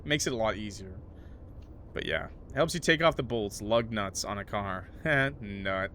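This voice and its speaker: A man's voice: medium pitch, pushed and bright, slight background noise. Man streaming a game, rambling and joking. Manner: rambling, joking, reads game narration aloud. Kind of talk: casual livestream commentary and reading game text. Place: home room with a PC. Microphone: desk mic with noise suppression.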